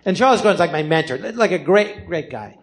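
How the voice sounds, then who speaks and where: Animated comedian man telling a story. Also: high voice, a little fast. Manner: animated, acts out other people's voices in quotes; swears freely, self-deprecating. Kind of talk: live podcast storytelling. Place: theater stage before a live audience.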